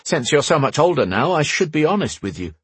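A man's voice: on the high side, sing-song, a little fast, slightly rough, no room sound, pitched above the performer's own voice, heavily acted. A man voicing a weary, sardonic young man with a dry, sarcastic manner. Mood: sardonic, wry.

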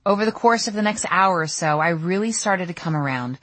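A woman's voice: fairly low pitch, lively intonation, fairly quick, fairly bright tone, no room sound. A middle-aged woman narrating her own audiobook memoir in a candid, storytelling way. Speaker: author reading her memoir.

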